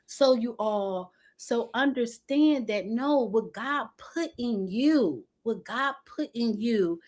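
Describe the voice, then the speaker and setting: Animated woman preaching self-acceptance. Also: takes it slowly. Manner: animated, excitable, talks to viewers as y'all; energetic and expressive, jumps in pitch. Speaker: motivational speaker. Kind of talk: motivational livestream talk. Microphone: phone or webcam livestream.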